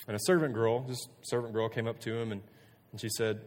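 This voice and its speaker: A man's voice: lowish voice, brisk. Casual male preacher with hall reverb. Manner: relaxed, chatty, with filler words and restarts. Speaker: pastor. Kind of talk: casual conversational sermon.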